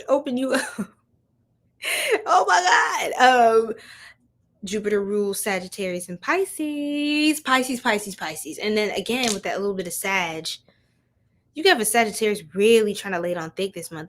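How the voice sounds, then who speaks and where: A woman's voice: medium pitch, a little fast. A young woman giving a chatty live-stream tarot reading, laughing often and talking straight to her viewers in slang. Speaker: tarot reader.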